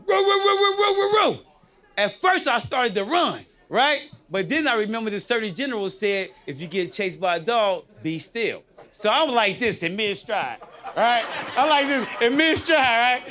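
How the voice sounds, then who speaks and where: A man working a comedy club stage with a high, bouncy voice that swings all over as he tells his stories. He keeps checking in with the crowd and chuckles at his own punchlines. His tone is bright and ringing. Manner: animated, chatty, keeps asking the crowd "you know what I mean". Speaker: stand-up comedian. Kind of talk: live stand-up storytelling.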